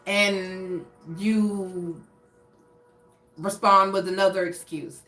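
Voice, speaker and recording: A woman's voice: mid-range voice, steady tone, very slow, fairly bright tone, soft background music. A woman giving a casual tarot reading, rambling and restarting as she searches for words. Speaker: tarot reader. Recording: echoey room, voice a bit far from mic.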